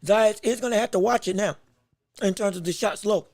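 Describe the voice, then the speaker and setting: A podcast host and fight commentator with a very high-pitched voice calls a boxing match live, close to a dry mic with no echo. He reacts fast and excitably to every exchange, keeps correcting and restarting phrases as the action shifts, and has the hiccups.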